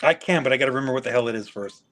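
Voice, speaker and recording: A man's voice: mid-range voice, very fast, a bit bright. A man with a New Jersey accent bantering on a livestream from home, joking and laughing. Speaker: co-host on a livestream. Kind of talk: casual livestream chat.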